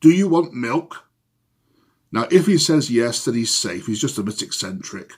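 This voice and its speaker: A man playing a pompous older upper-class British gentleman, lecturing in a comedy sketch. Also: medium pitch, very animated, normal speed, husky. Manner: blustering, pompous, patriotic lecturing.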